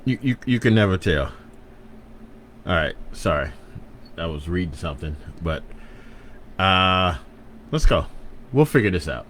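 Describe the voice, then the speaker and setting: A man's voice: sits low, sing-song, a little slow, pauses often, fairly bright tone, a little hiss or hum. A man from hosting a casual radio show, playful and self-correcting as he hypes the listeners.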